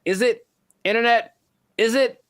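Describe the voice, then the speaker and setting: A man co-hosting a casual reaction show, animated, exclaiming and stretching out his words. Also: extremely high pitch, measured pace, no room sound. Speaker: co-host.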